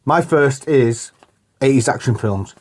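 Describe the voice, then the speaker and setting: A man hosting a podcast in casual chat, jokey and animated, acting out movie scenes. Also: mid-range voice, a little slow. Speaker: podcast host.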